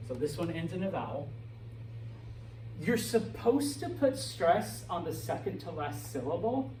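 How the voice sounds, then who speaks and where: A man's voice: on the high side, big pitch swings, measured pace, mellow. A middle-aged man teaching a Spanish class, lecturing and checking in with "okay?" after nearly every point. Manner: checks in with "okay?" and "all right?" often. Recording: echoey classroom, from far off, faint noise.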